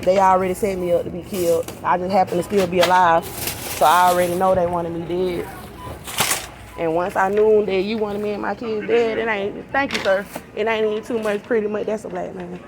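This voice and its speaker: A woman's voice: mid-range voice, steady tone, a little fast. Agitated woman ranting over background noise. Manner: agitated, rambling and profane, repeating herself. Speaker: vlogger. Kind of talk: unscripted monologue to camera. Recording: noisy background ambience.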